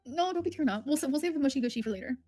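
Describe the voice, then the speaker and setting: A woman's voice: sits high, animated, racing, warm tone, no echo, faint music behind. A woman hosting a livestream from home, talking in a candid, rambling, emotional way. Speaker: livestream host. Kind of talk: casual livestream chat.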